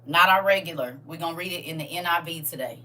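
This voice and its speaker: A woman leads a live-streamed Bible lesson with a bright, forceful voice, her tears close to the surface. She talks to her viewers in a chatty, animated way, calling them baby and honey. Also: low-pitched, fast, distant mic. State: tearful, emotional. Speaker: Bible study host.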